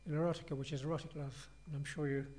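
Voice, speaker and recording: Guy preaching a sermon, chatty and earnest, bit higher voice than usual for a man. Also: level tone, rapid-fire, darkish tone. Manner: conversational, earnest and reflective.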